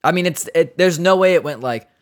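A podcast host with a slightly high, slightly quick, clean-sounding voice chats casually on his own. He rambles and jokes, swears now and then, and laughs at his own asides.

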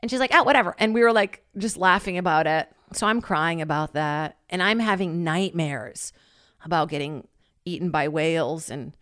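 A woman hosting a podcast, telling a funny story in a lively, casual way, swearing freely and acting out what people said. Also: sits low, normal speed, no room sound, studio quality. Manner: animated, swears freely, acts out quotes. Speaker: podcast host.

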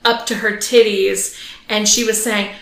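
A woman's voice: mid-range voice, fairly even intonation, unhurried, vocal fry. A woman hosting a podcast, telling a bawdy story in casual chat and laughing as she goes. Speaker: podcast host. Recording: roomy echo.

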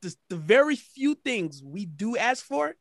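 A man's voice: high-pitched, sing-song, unhurried, gravelly, fairly bright tone, dry recording, studio quality. A man in casual chat, speaking emphatically and repeating his points.

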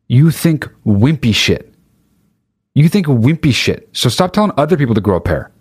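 A man's voice: medium pitch, very animated, normal speed, a little mellow, breathy edge. A male podcast host in a casual, exasperated rant, swearing constantly.

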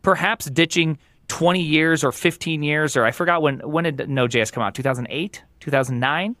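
Animated man with a higher voice. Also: brisk, dry recording, clean studio sound. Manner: animated, emphatic, rambling with tangents. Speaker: podcast guest, software engineer. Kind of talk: casual opinionated tech chat.

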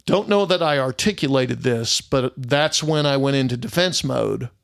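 A man's voice: mid-range voice, normal speed, creaky. A middle-aged man, a private investigator telling an indignant story in a casual monologue and acting out the other people's lines.

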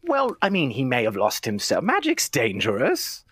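A man's voice: mid-range voice, wildly swooping pitch, normal speed, a bit bright, slightly rough, no echo. A man playing an eccentric male dragonborn sorcerer in a tabletop game, talking in a chatty, genteel manner. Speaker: player voicing a dragonborn sorcerer. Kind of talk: tabletop role-play in character.

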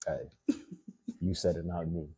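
Brief: deep, dark-toned man in his thirties, quick and animated, casual interview guest. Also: husky. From Haiti. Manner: animated, fillers like "like" and "you know". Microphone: phone live stream.

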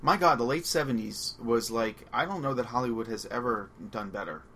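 A man with a Long Island accent, co-hosting a casual movie podcast, excitable and rambling, laughing often. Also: mid-range voice, a little fast, slight background noise. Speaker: podcast co-host.

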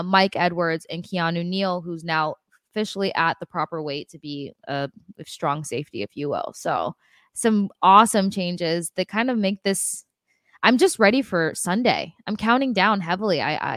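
A woman co-hosting a sports podcast, talking to fans in a lively, emphatic way. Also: on the low side, dry recording, studio quality. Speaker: podcast co-host. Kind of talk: casual sports chat.

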